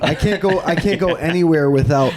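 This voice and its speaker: A man who is a guest comedian, joking loudly in casual podcast banter and now and then breaking into high shouts. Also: a little fast, crowd noise.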